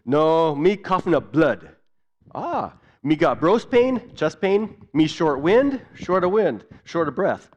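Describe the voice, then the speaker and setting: A man's voice: on the high side, very animated, slow pace, a little mellow, pitched above the performer's own voice, full character voice. A man voicing a sick hospital patient who coughs up blood, listing symptoms in broken, simple speech, in a dull lo-fi recording. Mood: weary.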